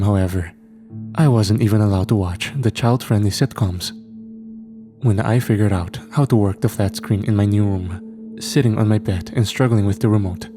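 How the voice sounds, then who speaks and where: A man reading a scripted horror story in a slow, measured way. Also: fairly low pitch, mellow. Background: faint background music.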